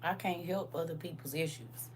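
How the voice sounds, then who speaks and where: A woman's voice: deep voice, normal speed, noisy background. A grandmother hosting a casual livestream, talking sassily and directly to her viewers from her phone. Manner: sassy, animated, talks straight to viewers.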